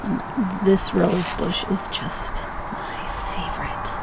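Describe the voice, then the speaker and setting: A woman's voice: lowish voice, flat delivery, slow pace, vocal fry, loud music behind the voice, low-quality recording. A woman from Minnesota talking through a casual tour of her home garden, chatty and fond of her plants. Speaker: vlogger giving a garden tour. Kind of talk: casual walking commentary. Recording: loud outdoor background noise.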